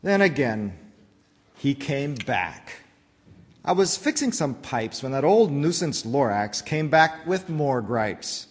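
A man's voice: medium pitch, big pitch swings, long reverb tail. A man voicing a greedy factory owner who tells his own story in rhyme, read aloud in a church. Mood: boastful. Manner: rhyming storybook narration, slow and dramatic.

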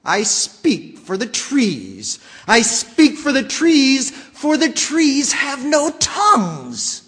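A man voicing a short, old, mossy male forest creature who speaks in a sharp, bossy shout while reading a storybook aloud. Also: very high-pitched, wildly swooping pitch, drawn-out words, in a large hall, pitched above the performer's own voice, heavily acted. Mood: indignant.

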